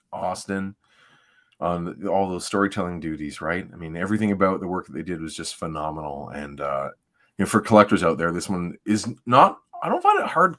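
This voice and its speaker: The man co-hosting this livestream is middle-aged, with a deep voice that has a bit of brightness. He's a podcast co-host whose casual talk is rambling, easygoing and full of fillers.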